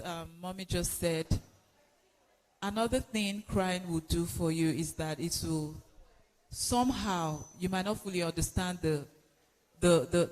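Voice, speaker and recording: Guy with a pretty high voice, encouraging talk, fumbles for words, big echoey hall. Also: darkish tone. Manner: searching for words, restarts. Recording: long hall reverb.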